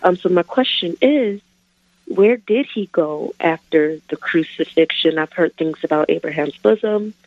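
A woman caller on a radio phone-in, asking a Bible question hesitantly with many pauses. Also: fairly low pitch, no echo. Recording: dull phone-in line.

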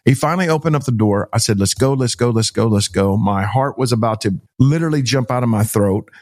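A middle-aged man, a pastor, telling a personal story to an interviewer in an animated, emphatic way, acting out dialogue and repeating himself. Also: medium pitch, a little fast.

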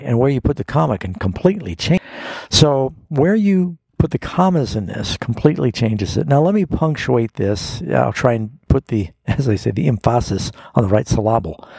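Male pastor, radio call-in host; gravelly, husky, explains scripture plainly. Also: mid-range voice, animated, normal speed, dark tone, dry recording. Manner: explanatory, folksy, reads scripture aloud. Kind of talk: call-in radio Bible answers.

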